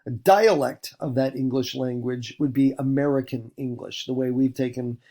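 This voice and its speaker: A middle-aged male teacher from the Pacific Northwest gives a recorded lecture. His voice sits at an ordinary pitch with a gravelly edge. He rambles, often restarts his sentences and fills pauses with "uh" and "you know.". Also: mellow, a little hiss or hum. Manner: rambling, many fillers and restarts.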